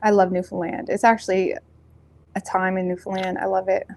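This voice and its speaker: A woman with a Nova Scotian accent doing a tarot reading in a rambling, casual chat, full of fillers and self-corrections, blunt and quick to laugh. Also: mid-range voice, little pitch movement, darkish tone. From Nova Scotia, Canada. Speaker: tarot reader.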